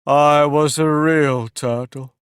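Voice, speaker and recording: A man voicing a sorrowful male Mock Turtle in an audiobook, sighing and drawing his words out slowly. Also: mid-range voice, clear, resonant tone, dry recording, clean studio sound, close to an everyday voice. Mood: mournful. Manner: slow, drawn-out, mournful delivery. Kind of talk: audiobook character voice.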